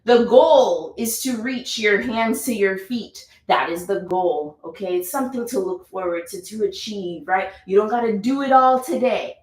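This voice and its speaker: A woman's voice: medium pitch, normal speed, few pauses, darkish tone, roomy sound, rough recording. A woman leading a live yoga class, chatty and encouraging, repeating her cues. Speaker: yoga instructor.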